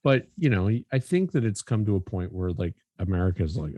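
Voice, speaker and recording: Man, podcast co-host, low husky voice, lively rambling, joking, dry close sound. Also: a little fast, hardly any pauses, dry recording. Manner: joking, rambling, swearing casually. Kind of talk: casual chat.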